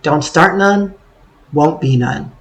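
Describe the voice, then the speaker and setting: Sarcastic, cursing vlogger with a highish voice. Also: male voice, animated, slow, vocal fry, a bit bright, rough recording. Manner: sarcastic, swearing freely; rambling with many fillers. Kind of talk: casual vlog monologue.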